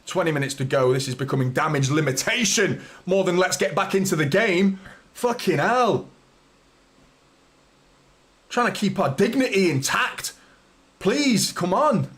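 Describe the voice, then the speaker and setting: Fan-channel host, male, fed-up and sweary, lively swooping delivery, a touch high for a man. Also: measured pace, long pauses. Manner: exasperated, sweary, rants at players. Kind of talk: live football watchalong commentary.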